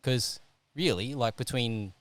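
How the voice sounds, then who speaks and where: A man hosting a casual chat, working through an idea out loud and checking in with the listener as he goes. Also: mid-range voice, takes it slowly. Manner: thinks out loud, keeps checking in with "right?".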